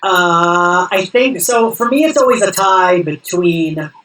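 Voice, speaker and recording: A podcast host telling stories in relaxed, casual chat, full of fillers. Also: medium pitch, slow, far from the mic, a little hiss or hum, low-quality recording. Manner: relaxed storytelling, filler-heavy.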